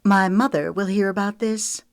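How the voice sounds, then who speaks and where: A woman's voice: medium pitch, fairly even intonation, normal speed, voice pushed up, natural voice. A woman voicing a haughty, jealous young woman who scolds sharply and turns petulant. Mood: indignant.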